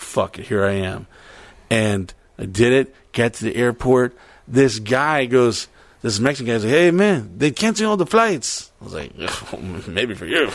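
A man's voice: mid-range voice, no room sound. Man, casual storyteller, swears a lot, dry recording. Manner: profane, rambling, animated retelling with quoted voices.

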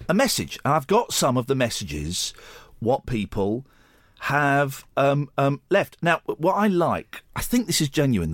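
A man hosting a podcast, teasing his co-host with casual, mildly sweary banter. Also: mid-range voice.

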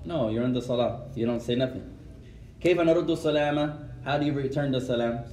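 A man's voice: medium pitch, fast talker, slight background noise. Man teaching in an echoey mosque hall. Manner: mixes Arabic phrases into English, gently instructive. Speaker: teacher answering questions. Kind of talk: mosque lesson with questions. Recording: roomy echo, voice from far off.

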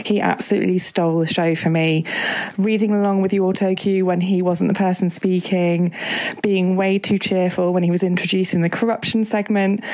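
A woman's voice: mid-range voice, darkish tone, low-quality recording. A woman giving an enthusiastic, chatty, rambling review of a comedy episode. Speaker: contributor sending in an episode review. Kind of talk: recorded podcast review segment.

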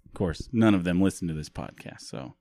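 Low-voiced man rambling on a podcast. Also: animated, fairly quick, creaky, mellow, no room sound. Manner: rambling, laughs often. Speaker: podcast co-host. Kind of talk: casual chat.

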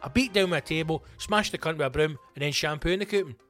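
A man's voice: a little high, quick pace, soft background music, voice pushed up, close to an everyday voice. A man voicing a tough, sweary grandmother, boasting about beating up an intruder. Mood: fierce, boastful. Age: 80s. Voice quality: loud, brash, sweary.

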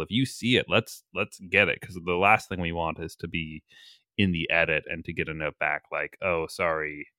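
A man's voice: low-pitched, bright, forceful tone, no room sound, clean studio sound. A man co-hosting a podcast, giving rambling, playful explanations. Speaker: podcast co-host. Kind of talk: casual podcast chat.

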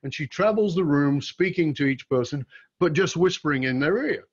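A middle-aged man hosts an interview, spinning anecdotes in a relaxed, somewhat halting manner. His voice sits a little high for a man. The audio is dull and lo-fi. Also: breathy edge. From Australia. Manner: relaxed, anecdotal, slightly hesitant with fillers. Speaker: host. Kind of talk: conversational interview, storytelling.

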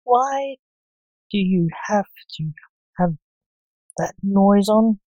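A woman's voice: mid-range voice, lively intonation, drawn-out words, mellow, no room sound, dull audio. A woman reading the part of a scornful young male assassin who sneers at his father. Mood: sneering.

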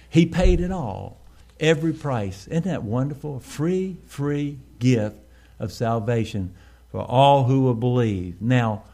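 A male pastor, preaching a sermon with sudden swells in volume and slowed, stressed phrases. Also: medium pitch.

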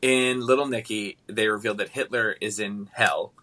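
A man co-hosting a podcast, recapping a TV episode in casual, rambling chat, animated and often laughing. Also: on the low side, moderate pace. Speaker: podcast co-host.

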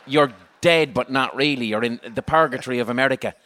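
A man's voice: medium pitch, fairly quick. An Irish man hosting a live comedic chat in front of an audience, swearing a lot and laughing often. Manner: animated, swearing, bursts of laughter. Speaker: podcast host.

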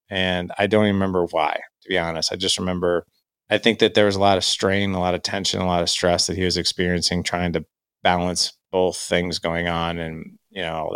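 Deep gravelly man telling his story. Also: fairly bright tone, no echo, clean studio sound. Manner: candid, reflective, quotes himself and others. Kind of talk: personal storytelling.

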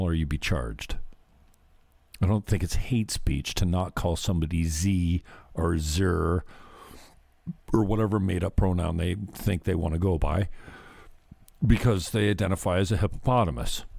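Rambling, sarcastic low-voiced man. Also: creaky, darkish tone, no echo. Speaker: podcast host. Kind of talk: casual political commentary.

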